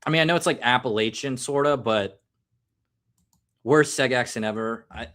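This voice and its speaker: With a fairly bright, mid-range voice and a moderate pace, an American man jokes and rambles his way through a live stream. He mocks himself freely, sounding relaxed and casual, as if sipping a drink on air.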